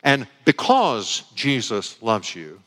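A male pastor preaches in a church, telling a story with real expression and slowing down to stress key words. His mid-pitched voice moves lively up and down. A long reverb from the church hall trails behind each phrase. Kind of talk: sermon with a story read aloud.

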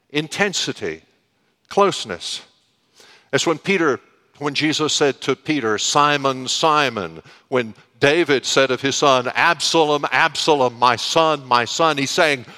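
A man preaching a sermon, slow and deliberate, with dramatic pauses. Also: mid-range voice, pushed and bright. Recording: long reverb of a hall.

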